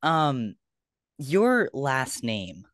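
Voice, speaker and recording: A man from Pennsylvania hosting a casual podcast interview, friendly and quick to laugh, with frequent ums. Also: mid-range voice, wildly swooping pitch, a bit bright, dry recording, studio quality. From Pennsylvania, USA. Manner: friendly, laughs often, hesitant fillers. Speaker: podcast host.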